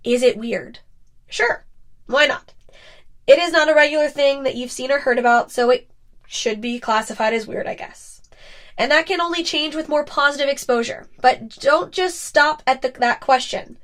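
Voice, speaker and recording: High-voiced young woman, candid podcast talk. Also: moderate pace. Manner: candid and expressive, sometimes teasing. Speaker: podcast host and ASMR creator. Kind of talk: casual podcast monologue.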